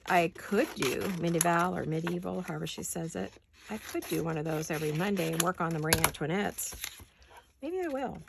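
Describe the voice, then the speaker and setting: Chatty gravelly-voiced woman crafting at her desk. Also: fairly low pitch, background noise. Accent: American. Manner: chatty, thinks aloud, gushes over pretty paper. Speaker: craft channel host. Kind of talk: casual craft chat while cutting paper.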